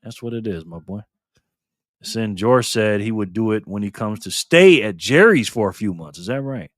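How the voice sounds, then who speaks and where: A man's voice: on the low side, expressive, moderate pace, no echo, clean studio sound. Laid-back man hosting a livestream. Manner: laid-back, calls viewers man and brother; loose, repeats and restarts phrases. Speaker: livestream host. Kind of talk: casual livestream chat, reading viewer comments aloud.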